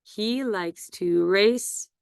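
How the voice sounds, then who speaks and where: A woman leads a phonics lesson at a very unhurried pace, drawing out each word and sound. Her voice is smooth and clear. The recording is dry and close, with no room sound. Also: medium pitch, no echo. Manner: slow, deliberate, stretches out words and sounds. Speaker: teacher.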